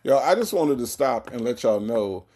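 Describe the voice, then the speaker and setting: A man's voice: medium pitch, lively intonation, normal speed, darkish tone, slight background noise. A man hosting a reaction commentary show, mocking and teasing as he spells out words again and again. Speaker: host.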